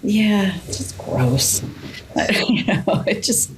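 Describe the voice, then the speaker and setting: A woman answering as a podcast guest in casual chat, sarcastic and quick to laugh. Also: mid-range voice, lively intonation, noisy background.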